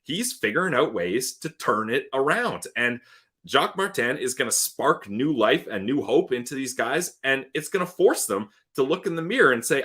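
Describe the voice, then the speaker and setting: Hockey podcast guy, bright punchy voice, hyped and emphatic. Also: mid-range voice, moderate pace, breathy edge. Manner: excited, emphatic hockey analysis. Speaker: podcast co-host. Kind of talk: casual sports talk livestream.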